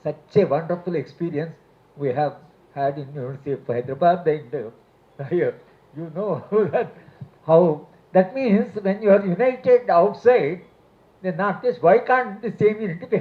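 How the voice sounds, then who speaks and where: A man's voice: on the high side, animated, normal speed. A man giving a rambling public speech at an event, laughing lightly between phrases. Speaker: speaker at a solidarity event. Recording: tinny phone-like live stream.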